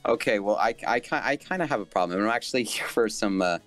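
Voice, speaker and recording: A man's voice: lowish voice, animated, fast, a bit bright, faint music behind. A man calling in to a live stream, asking for advice in a nervous, hesitant way and often restarting his sentences. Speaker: caller. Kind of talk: call-in conversation.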